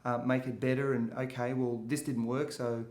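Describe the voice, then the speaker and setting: A man's voice: medium pitch, little pitch movement, moderate pace, darkish tone. A man, giving a casual testimonial interview, with frequent hesitations and restarts. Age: 40s. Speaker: jiu-jitsu student giving a testimonial. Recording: echoey room.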